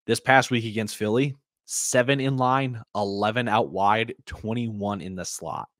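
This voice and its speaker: A man's voice: on the low side, fairly even intonation, measured pace, a bit bright, no echo, clean studio sound. A man co-hosting a podcast, laid-back but stat-heavy as he makes his fantasy football case. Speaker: podcast co-host. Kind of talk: casual fantasy football chat.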